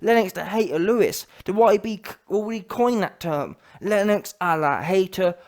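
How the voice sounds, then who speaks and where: A man's voice: sits high, lively intonation, normal speed, darkish tone. A man ranting in a heated, slangy, mocking way as a boxing commentary vlogger.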